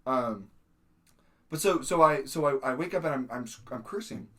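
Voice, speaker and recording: A young adult man telling a story in casual podcast chat, acting out quotes with sudden shouts. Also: medium pitch, expressive, moderate pace. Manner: many fillers and restarts, laughing. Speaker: podcast host.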